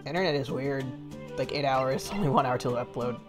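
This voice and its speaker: A woman's voice: rumbling low, fairly quick, music in the background. A young adult woman streaming a game, rambling in a giggly, self-deprecating way between lines. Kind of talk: casual let's play commentary.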